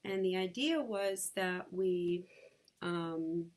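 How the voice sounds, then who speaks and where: A woman vlogging from her sunlit bedroom, sharing a personal story in a candid, halting way with many fillers. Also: lowish voice.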